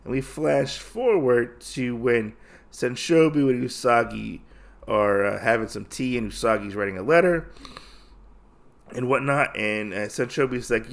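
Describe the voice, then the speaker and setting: A man's voice: medium pitch, moderate pace, gravelly. A man hosting a podcast who retells a comic's story in a casual, rambling way, full of fillers. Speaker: podcast host.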